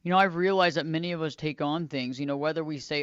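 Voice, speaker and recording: A woman's voice: low-pitched, quick pace, dry recording, dull audio. A woman hosting a radio talk show, speaking conversationally, repeating phrases for emphasis. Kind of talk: solo talk radio monologue.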